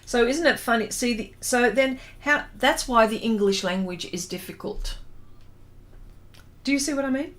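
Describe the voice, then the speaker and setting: A woman's voice: on the high side, fairly bright tone. An Australian woman hosting a drawing livestream, chatting casually, reading viewer comments aloud and laughing often. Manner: slow, unhurried and thinking aloud while drawing.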